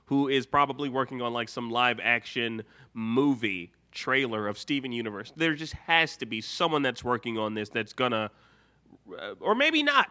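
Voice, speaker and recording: During a casual live stream chat, a young host rambles along, laughing often as he reads out viewer comments. He has a mid-range voice that is bright and forceful.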